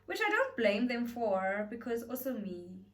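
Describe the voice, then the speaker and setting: A woman's voice: fairly high pitch, measured pace. Dramatic chatty woman. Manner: dramatic, chatty, animated retelling with acted quotes. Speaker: beauty vlogger. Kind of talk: storytime vlog. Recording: voice a bit far from the mic.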